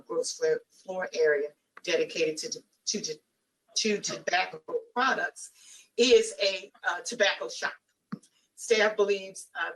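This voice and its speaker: A woman with a raspy morning voice presenting a staff report to a board, with small stumbles and uhs. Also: fairly low pitch, recorded from a distance, poor audio. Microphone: virtual call.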